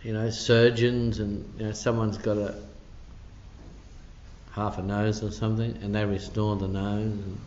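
Slow-talking pastor in an echoey church. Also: male voice, lowish voice, flat delivery, darkish tone, slight background noise. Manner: conversational and emphatic, peppered with "you know". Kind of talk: midweek church teaching. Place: church hall. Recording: dull echoey church recording.

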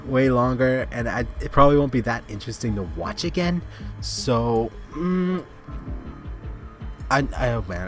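A man hosting a gaming channel, giving rambling casual commentary with sudden excited outbursts at the game. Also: mid-range voice, normal speed, soft background music.

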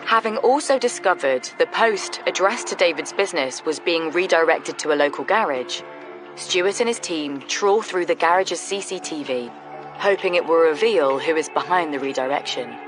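Low-voiced woman narrating a documentary. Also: animated, moderate pace, over music. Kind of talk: scripted narration.

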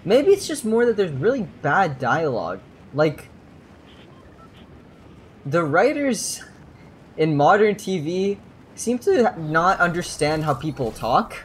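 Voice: mid-range voice, very animated, slow pace, long pauses, slight background noise. Young streamer rambling and cussing mid-game, voice jumps all over the place, laughs a lot. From New Jersey. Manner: rambling, profane, laughs often. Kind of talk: casual gaming stream chatter.

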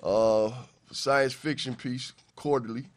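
A man's voice: mid-range voice, steady tone, slow. A man hosting a local TV talk show, chatting in an upbeat, folksy way and plugging community work.

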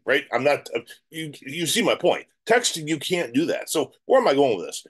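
A middle-aged man giving real estate advice straight to camera, animated and emphatic, often repeating his words. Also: on the high side, normal speed, slightly rough. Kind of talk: direct-to-camera advice talk.

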